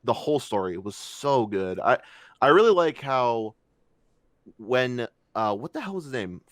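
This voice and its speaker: A young man chats on a podcast, quick to swear and get carried away as he tells a story. His voice sits at an ordinary pitch, and the recording is dry and close with no room sound. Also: no echo. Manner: animated, swearing, emotional storytelling. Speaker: podcast co-host. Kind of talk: casual podcast chat.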